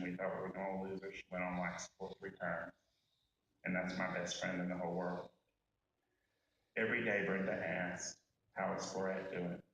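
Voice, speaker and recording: A man delivering a folksy, candid eulogy at a memorial service, speaking directly to the mourners. His voice sits a little low. The sound is heavily echoey and distant, as if he were picked up from across a large room with faint noise underneath. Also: fairly bright tone. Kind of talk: personal eulogy with humorous stories.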